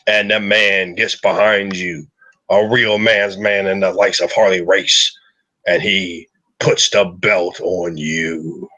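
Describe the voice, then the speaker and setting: A man narrating a tabletop game as loud, swearing wrestling play-by-play, as game master. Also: low voice, fairly even intonation, takes it slowly, low-quality recording.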